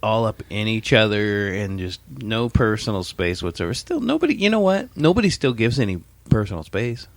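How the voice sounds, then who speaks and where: A man with a very deep voice co-hosting a casual podcast, dropping teasing asides and short remarks. He sounds close and dry, with no room around him. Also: very animated, normal speed, hardly any pauses, no echo. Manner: wry interjections, teasing. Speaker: podcast co-host. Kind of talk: casual chat.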